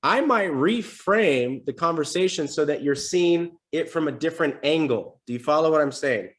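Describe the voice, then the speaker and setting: A man with a fairly high-pitched voice leads sales training on a live stream from his home desk. He talks at a moderate pace, energetic and conversational, and acts out example sales calls.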